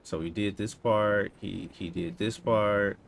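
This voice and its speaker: A man in his thirties casually chatting to himself and his viewers while coding, relaxed and slangy. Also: lowish voice, vocal fry, a little hiss or hum. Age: 30s. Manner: laid-back, talks to himself, drawn-out slangy asides. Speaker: coding streamer. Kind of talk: casual live-stream chat while coding.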